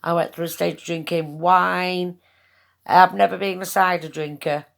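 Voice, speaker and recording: A woman's voice: lowish voice, steady tone, normal speed, creaky. A woman chatting into her phone, telling a story bluntly with plenty of slang and swearing. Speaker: vlogger. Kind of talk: casual storytelling monologue.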